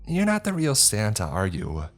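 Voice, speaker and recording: A man's voice: wildly swooping pitch, moderate pace, soft background music. A man voicing a whiny, bratty young boy in a narrated horror-comedy story. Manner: high, whiny, petulant.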